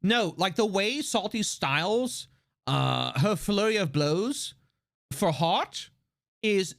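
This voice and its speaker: A streamer chatting casually on a livestream, rambling with lots of fillers and restarts, excitable and laughing often. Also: medium pitch.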